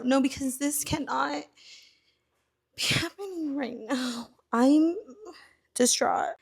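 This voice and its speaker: In a high-pitched, creaky voice, a young book vlogger speaks slowly and pauses often. Her casual reading chat features dramatic reactions and repetition, and it takes place at a park outdoors and at home during cleaning.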